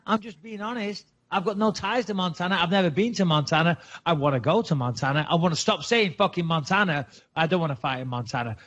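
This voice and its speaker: Male podcast host from England, higher voice, muffled lo-fi audio, sarcastic banter. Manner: joking, sarcastic, swears freely.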